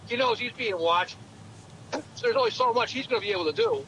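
High, bright-voiced halting man. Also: dull audio, slight background noise. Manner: halting, many restarts. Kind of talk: casual political talk.

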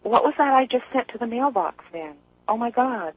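A woman's voice: on the high side, animated, a little hiss or hum. Chatty woman caller on a phone line. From East Tennessee. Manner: chatty, rambling, quick to laugh. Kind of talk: casual call-in chat.

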